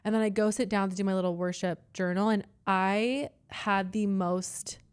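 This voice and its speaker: A woman's voice: medium pitch, fairly even intonation, moderate pace, smooth. A young woman hosting a podcast, telling a personal story in an earnest, emotional way. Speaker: podcast host. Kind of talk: candid personal chat.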